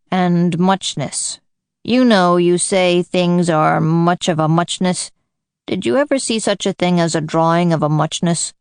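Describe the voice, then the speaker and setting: A drowsy, feeble little dormouse with a hoarse voice, as a woman reads him aloud. He drags each word slowly and sulkily, as if half asleep. The storybook recording is dry and close. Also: lowish voice, darkish tone, dry recording. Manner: slow, drowsy, trailing off. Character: sleepy feeble male dormouse, slow and sulky. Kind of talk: storybook reading.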